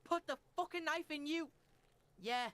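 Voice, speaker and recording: A foul-mouthed street kid. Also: female voice, sits high, unhurried, fairly bright tone. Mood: aggressive. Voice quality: aggressive, taunting, swears constantly. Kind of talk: video game character dialogue.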